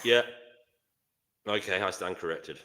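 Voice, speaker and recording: A man hosting a live online panel discussion, chatting in a rambling way with quick asides. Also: low voice, sharp tone. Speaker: host.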